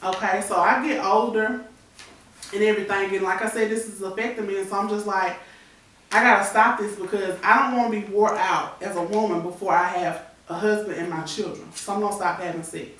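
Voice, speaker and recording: A woman's voice: medium pitch, steady tone, a little fast, fairly bright tone. Woman in her 30s telling her story on a talk show, pretty roomy echo, sounds kinda far from the mic. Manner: candid, tearful retelling with acted-out quotes. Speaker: guest. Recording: echoey room, voice from far off the mic.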